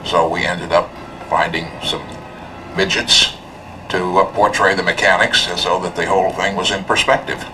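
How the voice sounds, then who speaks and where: Deep-voiced older man, deliberate, music behind. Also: fairly even intonation. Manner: deliberate, hesitant. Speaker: interviewee. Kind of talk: recollection. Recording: distant mic with music behind.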